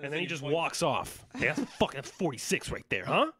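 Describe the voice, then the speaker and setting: A man hosting a casual live podcast, joking and hyped as he shouts out viewers, sounding a little fatigued. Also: a little high, very animated, a little fast, slight background noise. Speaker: podcast host.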